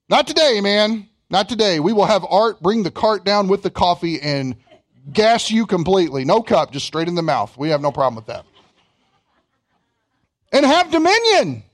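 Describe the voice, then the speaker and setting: High-voiced Kentucky preacher. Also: male voice, sing-song. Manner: reads scripture slowly, then preaches with humor and asides. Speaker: pastor. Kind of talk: sermon.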